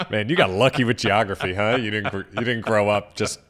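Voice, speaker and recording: A man's voice: on the low side, sing-song, moderate pace, fairly bright tone. A man co-hosting a podcast in casual chat, teasing his partner with dry jokes. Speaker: podcast co-host.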